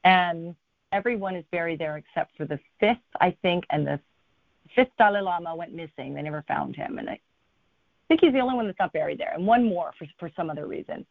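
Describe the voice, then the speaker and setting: A woman's voice: fairly low pitch, a little fast, gravelly, no room sound. Woman telling a story over a tinny line. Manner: animated storyteller, acts out quotes. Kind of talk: telling a travel story in an interview. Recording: thin phone-like line, dry.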